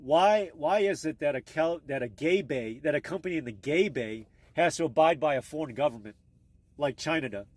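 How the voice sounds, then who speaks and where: A man's voice: fairly high pitch, lively intonation, moderate pace, no echo. A man rambling casually and crudely on a live stream, talking into his phone. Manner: crude, meandering, offhand.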